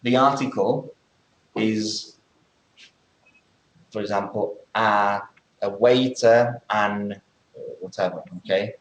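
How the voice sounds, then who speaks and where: A man's voice: fairly low pitch, steady tone, takes it slowly, long pauses, roomy sound, poor audio. A man teaching English in a classroom, explaining things step by step and checking in with many okays. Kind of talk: classroom lesson.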